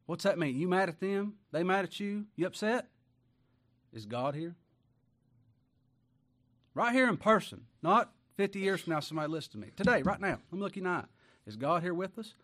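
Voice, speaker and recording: A preacher with a drawl gives a sermon in an easygoing, folksy style, his voice sitting a bit high for a man and fairly bright in tone. He keeps turning to the congregation with quick rhetorical questions.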